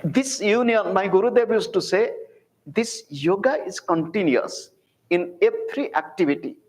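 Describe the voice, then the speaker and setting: High-voiced Indian man in his sixties. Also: lively intonation, darkish tone, rough recording. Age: 60s. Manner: deliberate, repetitive phrasing with rhetorical questions. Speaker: spiritual teacher. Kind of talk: public spiritual talk.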